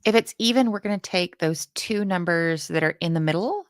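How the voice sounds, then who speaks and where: Low-voiced woman chatting thru code, laughs at herself, dry sound. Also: clear, resonant tone, no echo. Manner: chatty, self-deprecating, quick laughs. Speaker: co-host learning to code. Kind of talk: casual live coding chat.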